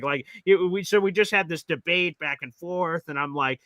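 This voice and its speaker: A man hosting a sports talk show, his voice bright and forceful and sitting a little high. He tells stories with gusto, acting out each person he quotes. The sound is close and dry. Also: moderate pace, few pauses, dry recording, poor audio. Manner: animated storyteller acting out quotes. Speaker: podcast host. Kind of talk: casual sports talk storytelling.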